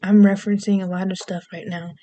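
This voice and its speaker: A woman's voice: mid-range voice, flat delivery, fast, warm tone. A young adult woman vlogging in rambling, goofy casual chat, self-deprecating and meandering between topics.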